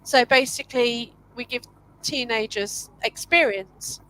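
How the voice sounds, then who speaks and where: Scottish woman, chatty and hesitant, fairly high voice, faint background noise. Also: a little slow, sharp tone, rough recording. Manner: chatty, hesitant, lots of fillers. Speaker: paranormal event host. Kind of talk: casual chat.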